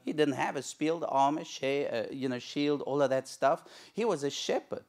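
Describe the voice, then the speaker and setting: A male pastor preaching a sermon in church, telling a story with lively, acted-out moments. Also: fairly high pitch, normal speed. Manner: animated storytelling, acts out shouting crowds.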